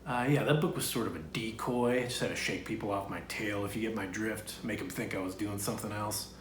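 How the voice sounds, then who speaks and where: A man's voice: lowish voice, brisk, echoey room, slight background noise. A man hosting a review show in a casual, jokey way, playfully reading aloud with silly sound effects. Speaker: podcast host and film reviewer.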